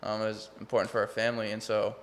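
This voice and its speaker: A man's voice: fairly low pitch, completely flat delivery, very fast. A young man from Texas with a Texan accent, a college baseball player guesting on a podcast, telling his story in an earnest, rambling way. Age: young adult. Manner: rambling, restarts often, earnest. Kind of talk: casual interview chat.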